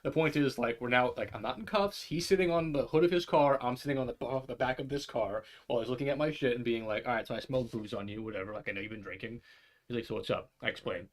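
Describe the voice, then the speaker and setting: A man's voice: medium pitch, quick pace. A young man co-hosting a casual talk show, telling a rambling, profane story and acting out the voices of the people in it. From New York area. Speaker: podcast co-host.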